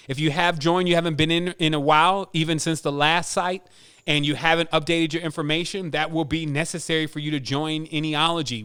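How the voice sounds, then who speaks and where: A man's voice: a little high, fairly bright tone, smooth. A man hosting a podcast, casually announcing giveaway winners and counting prizes aloud in an upbeat way. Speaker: podcast host.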